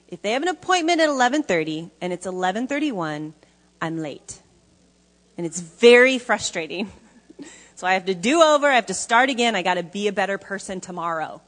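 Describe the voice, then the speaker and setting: A woman's voice: mid-range voice, fairly bright tone, in a large hall. A woman preaching a sermon to a congregation, emphatic and conversational, often asking the audience questions. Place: church hall before an audience.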